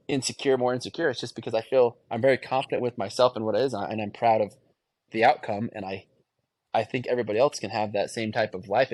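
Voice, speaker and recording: A man's voice: on the low side, darkish tone, dry recording. A man in his thirties, a guest in an interview, talking earnestly and reflectively and often restarting his phrases. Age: 30s. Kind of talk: candid conversational interview.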